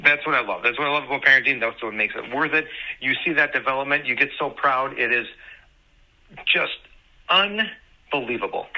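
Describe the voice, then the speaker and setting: Bright-voiced young dad, muffled audio. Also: male voice, mid-range voice, normal speed. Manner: sarcastic then earnest, animated anecdotes. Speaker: parent sharing on a podcast. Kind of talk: casual personal storytelling.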